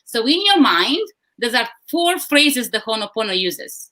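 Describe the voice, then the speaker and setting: A woman's voice: fairly high pitch, sing-song, moderate pace, pushed and bright. A woman speaking earnestly in a live discussion, often repeating words as she thinks. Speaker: guest speaker.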